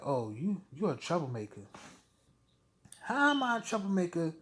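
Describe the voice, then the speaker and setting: A man venting in a heated, profane rant to camera, blunt and full of swearing. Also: high voice. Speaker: vlogger.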